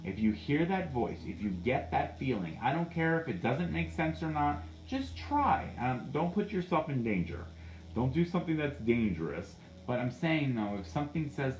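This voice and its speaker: A man talking casually as a psychic medium, animated and jokey, swearing freely and acting out little inner dialogues as he answers viewers. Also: mid-range voice, reverberant, rough recording. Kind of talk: casual livestream talk.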